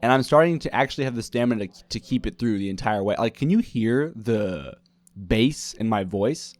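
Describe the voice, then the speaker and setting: Young man, casual podcast host, dry close sound, mid pitch, chatty. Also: expressive, moderate pace, a little mellow, dry recording. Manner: chatty, practicing a radio-style broadcast voice. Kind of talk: casual chat to camera. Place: home kitchen.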